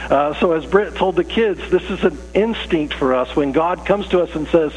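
A man's voice: a little high, normal speed, few pauses, a little hiss or hum, low-quality recording. A man preaching a conversational sermon to his congregation in a church, breaking off his sentences and acting out the people in the story. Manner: conversational, self-interrupting, acts out quoted voices. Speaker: pastor. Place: church sanctuary.

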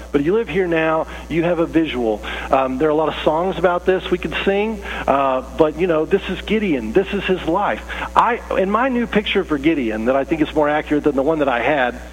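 A man's voice: on the high side, a little hiss or hum, rough recording. A man preaching a conversational sermon to his congregation in a church, breaking off his sentences and acting out the people in the story. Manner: conversational, self-interrupting, acts out quoted voices. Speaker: pastor. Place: church sanctuary.

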